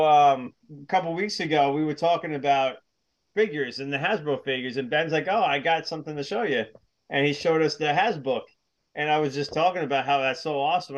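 A man's voice: a little high, highs cut off. A man co-hosting a podcast in casual chat, rambling with repeated words and laughing easily. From United States. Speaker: podcast co-host.

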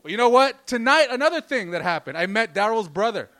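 A man's voice: very high-pitched, sing-song, fast, fairly bright tone. A man doing a stand-up comedy set, rambling loosely and swearing constantly. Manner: profane, rambling, loose delivery.

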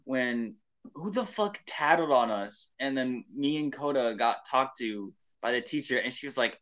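A man's voice: medium pitch, lively intonation, moderate pace, fairly bright tone. Laid-back young guy gaming. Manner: laid-back, swears, says "bro" and "literally". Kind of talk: casual chat while gaming.

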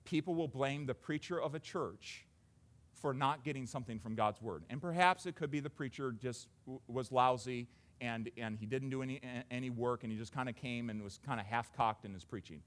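A man, a father of young children, preaching a sermon in a conversational way, often repeating words and swinging between hushed and raised delivery. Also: mid-range voice, brisk.

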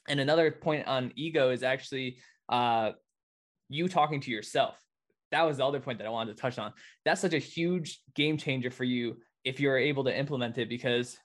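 A man hosting a podcast, relaxed and conversational, full of "dude" and "like". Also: mid-range voice. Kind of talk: casual chat.

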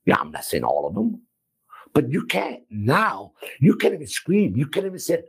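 A man from Italy, a restaurant owner, talking emphatically and loudly, repeating himself in an animated interview. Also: a little high, normal speed, vocal fry, breathy edge. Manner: emphatic, repetitive, loud and expressive.

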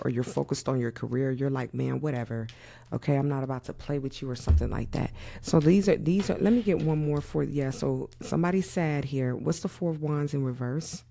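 A woman with a dark, gravelly voice talks her way through a tarot spread in a loose, musing way. She keeps saying "yeah" and swears now and then without any fuss. Her tone stays mellow and relaxed. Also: deep voice. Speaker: tarot reader. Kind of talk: casual tarot reading.

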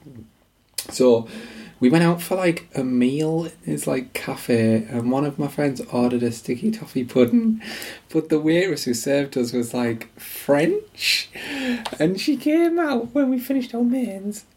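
Husky man rambling through stories. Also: fairly high pitch, sing-song, unhurried, a little mellow. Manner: rambling storyteller, laughs at own stories. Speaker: podcast co-host. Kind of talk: casual chat, reading listener emails.

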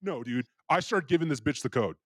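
A man's voice: fairly high pitch, brisk, slightly rough, no echo. A young man from California telling a story as a podcast guest, swearing freely and acting out the voices of the people he quotes. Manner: profane, animated, acts out quoted voices. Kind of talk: casual storytelling.

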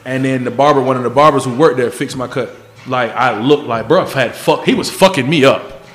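A man telling stories in casual banter on a podcast, animated, swearing freely and acting out the people in them. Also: mid-range voice, fairly quick, roomy sound.

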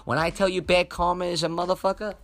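A man's voice: high-pitched, little pitch movement, fast talker, fairly bright tone. Profane young New guy telling a story. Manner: profane, rambling, emphatic. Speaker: podcast host. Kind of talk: casual storytelling monologue.

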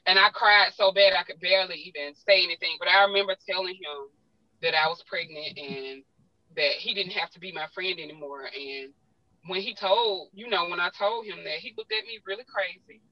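A talkative Southern US woman, appearing as a guest, tells emotional personal stories from the heart and calls herself a talker. Her voice is lowish and fairly quick, and the recording is dry and lo-fi.

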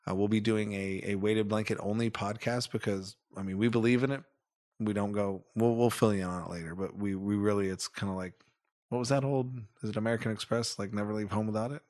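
Rambling low-voiced man hosting a podcast. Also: fairly even intonation, fast, a little mellow. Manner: rambling, self-correcting, fond storyteller. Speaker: podcast co-host. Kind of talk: casual podcast chat.

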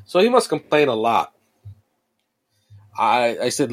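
A man's voice: medium pitch, very animated, normal speed, long pauses. Profane, rambling man telling a story. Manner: rambling and profane, with frequent restarts and fillers. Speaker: podcast co-host. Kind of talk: casual storytelling chat.

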